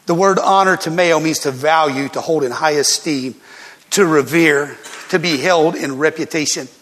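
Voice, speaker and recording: An older man, a pastor, telling a personal story in a sermon and reading scripture, with animated laughter between lines. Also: on the high side, normal speed, big-room sound.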